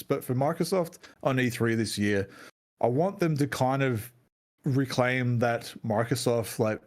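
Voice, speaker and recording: A man co-hosting a laid-back gaming podcast, talking at a middle pitch. He is chatty and excitable and swears freely as he talks. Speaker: podcast co-host. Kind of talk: casual gaming chat.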